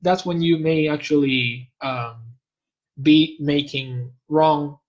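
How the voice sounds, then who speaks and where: With highs cut off in the audio, a man whose first language is Spanish speaks as a guest expert in an academic talk, his voice on the high side and his intonation fairly even. He explains in a measured, lecturing way, pausing to search for terms.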